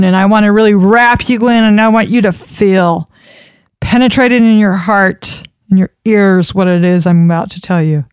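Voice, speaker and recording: A woman giving an instructional talk on public speaking, expressive and demonstrating pitch changes as she teaches. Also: moderate pace, smooth, dry recording, studio quality. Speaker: speaking coach.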